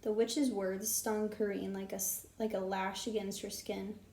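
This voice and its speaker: A woman reads a children's storybook aloud, steady and expressive, in a gravelly, mellow voice. The recording has a roomy echo around her. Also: medium pitch, a little slow. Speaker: audiobook narrator. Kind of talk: storybook reading.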